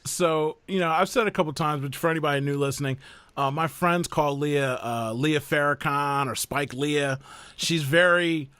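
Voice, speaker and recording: A man hosting a podcast, telling family stories in animated casual chat. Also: fairly high pitch, normal speed, clear, resonant tone, dry recording. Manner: animated storyteller who mimics voices. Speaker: podcast host.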